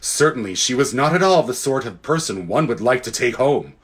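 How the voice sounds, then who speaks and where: A man reading a children's fantasy book aloud in an expressive, lively way, with casual asides to listeners. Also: medium pitch, a little fast, husky. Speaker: audiobook reader. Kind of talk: storybook read-aloud.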